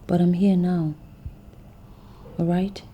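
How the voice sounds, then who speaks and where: A woman's voice: lowish voice, flat delivery, slightly rough. A coaxing, possessive mother. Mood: soothing. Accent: Nigerian. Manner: slow, insistent, coaxing, often hushed. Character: controlling woman claiming to be a mother, coaxing. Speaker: actress in a film. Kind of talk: film drama acting.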